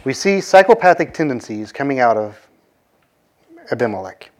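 A man talking through an ancient scripture story in a relaxed, conversational way. He peppers it with fillers and quick voiced quotes from the characters, at a middling pitch. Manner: conversational, many fillers, acts out quoted lines. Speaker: bible teacher. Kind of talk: casual storytelling of a scripture passage.

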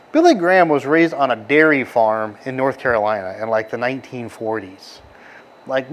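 A middle-aged man from the American South with a softened Southern accent, preaching a casual, rambling sermon full of stories and fillers. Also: medium pitch. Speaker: pastor.

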